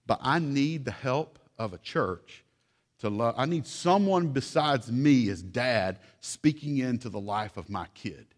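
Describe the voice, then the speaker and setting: A young man, a pastor and father, preaching a sermon in an earnest, urgent tone. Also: medium pitch. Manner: earnest, urgent pleading to the congregation.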